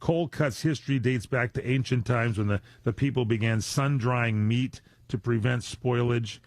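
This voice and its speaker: A male radio host talks into a studio mic in a loose, joking way and wanders off on tangents. The sound is dry and close, with no room echo. His pitch sits at an ordinary middle level. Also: normal speed. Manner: jokey, rambling, drifts into digressions. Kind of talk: casual live radio chat. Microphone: studio microphone.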